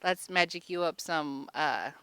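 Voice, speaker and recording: A woman's voice: sits low, a little slow, a bit bright, smooth, dry recording. A woman doing a sassy, slangy fairy godmother.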